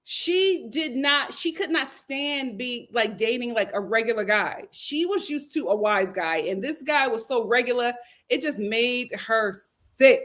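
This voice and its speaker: Young woman host, high pitch, animated livestream chatter, laughs a lot, loud then hushed. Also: unhurried. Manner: animated, laughs often, swings from loud to murmured asides. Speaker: live recap show host. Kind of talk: casual live-stream chat reading comments.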